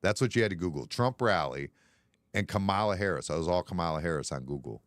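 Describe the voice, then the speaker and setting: A man's voice: sits low, lively intonation, fast talker, no room sound, studio quality. A man hosting a casual bar-talk live stream, blunt and sarcastic, swearing freely. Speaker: podcast host.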